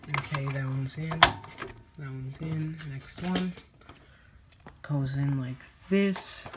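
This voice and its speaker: In a very noisy recording, a woman with a bass voice speaks slowly with fairly even intonation. She's a PC-building vlogger chatting her viewers, whom she calls "guys," through a computer build, her speech somewhat slurred.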